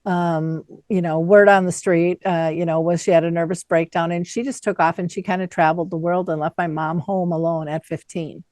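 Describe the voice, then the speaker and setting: A woman's voice: fairly low pitch, steady tone, fairly quick, hardly any pauses, no room sound. A middle-aged woman hosts an interview, affirming her guest and telling stories about her own family. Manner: warm storytelling, affirming. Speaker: podcast host. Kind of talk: conversational interview.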